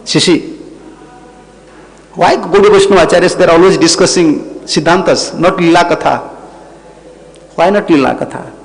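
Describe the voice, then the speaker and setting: Man, fairly high voice, spiritual teacher, devotional lecture, emphatic, repeats phrases. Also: normal speed, gravelly, long pauses. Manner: emphatic, repeats phrases, non-native English.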